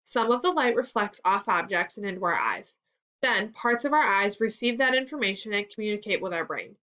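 A woman teacher reading a children's story aloud for a lesson in a clear, measured storytelling voice. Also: mid-range voice, animated, sharp tone. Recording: slightly dull lo-fi sound.

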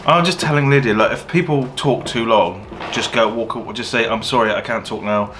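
A man's voice: mid-range voice, normal speed, background noise. A man with an English West Country accent, a takeaway owner casually telling a story and swearing freely. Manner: swears freely, animated when retelling.

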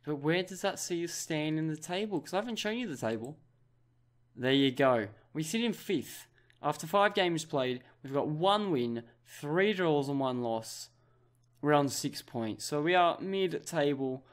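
A young Australian man commentating his football management game, with excitable play-by-play. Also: fairly high pitch, measured pace. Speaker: gaming YouTuber.

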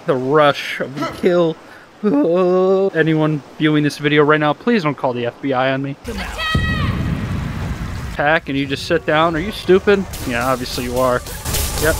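A man commentating his VR gameplay, excitable and profane, trash-talking enemies as he plays. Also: a little high, normal speed, over music. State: out of breath at times. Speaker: gaming video host.

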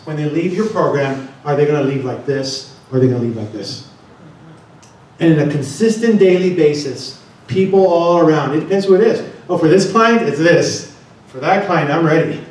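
Man speaking in an echoey hall. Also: on the high side. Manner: asks the audience many questions. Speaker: conference speaker. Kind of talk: seminar talk to an audience. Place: large conference room. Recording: echoey room, distant mic.

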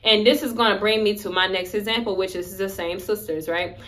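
A woman's voice: medium pitch, steady tone, fairly quick, fairly bright tone. Emphatic young woman telling a story. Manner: candid, emphatic, conversational. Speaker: vlogger. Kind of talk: story-time vlog.

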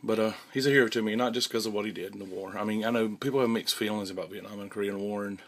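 Young man, low gravelly voice, halting casual vlog to camera. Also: fairly even intonation. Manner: halting, many restarts and fillers. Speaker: vlogger. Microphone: handheld camera mic.

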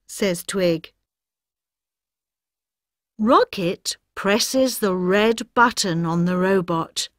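A woman narrating a children's storybook for English learners, slow, clear and expressive. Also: medium pitch, no echo, studio quality. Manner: slow, clear and expressive, stressing each word.

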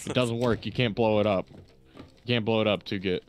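A man's voice: fairly low pitch, fairly even intonation, brisk. A man playing a game with friends, chatting casually and teasing them. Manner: teasing, joking. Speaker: guest gamer. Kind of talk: casual gaming chat.

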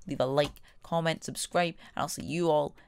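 A woman giving casual gameplay commentary as a gaming YouTuber, excitable and trash-talking, shouting at enemies. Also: low voice, normal speed, creaky, clean tone, no echo.

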